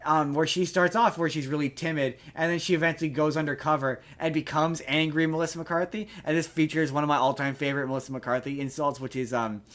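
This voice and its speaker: A man hosting a podcast, chatting casually about a movie in a rambling, animated way with lots of restarts and swearing. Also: on the high side, fast, hardly any pauses. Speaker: podcast host. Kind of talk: casual movie review chat.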